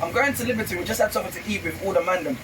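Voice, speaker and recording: A man's voice: high-pitched, racing, far from the mic, noisy background. A man, guest on a barber shop interview, telling stories animatedly with lots of slang. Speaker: guest rapper. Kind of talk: casual interview chat.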